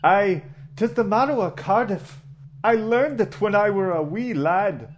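A man voicing a gloomy, folksy male ship's engineer with a Welsh accent, speaking slowly and in a drawn-out way in a comedy audio parody. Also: high-pitched, slight background noise.

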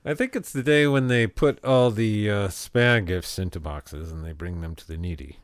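A man's voice: on the low side, normal speed, dry recording, clean studio sound. A man co-hosting a casual comedy chat, joking around and laughing often. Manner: playful, laughs often, slips into silly voices. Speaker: co-host.

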